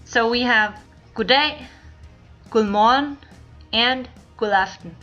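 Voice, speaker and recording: A woman from Denmark teaching a language lesson, repeating each phrase slowly and clearly for learners. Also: on the high side, pushed and bright, highs cut off, faint music behind. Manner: clear, slow model pronunciation with repeated phrases.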